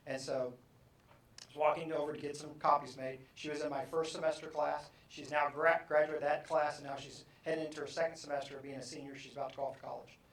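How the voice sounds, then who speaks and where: A middle-aged man giving a lively, jokey motivational talk on stage, acting out the people in his stories. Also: on the high side, quick pace. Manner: animated, jokey, acts out characters. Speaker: motivational speaker. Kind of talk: live keynote talk to an audience. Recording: echoey hall from far off.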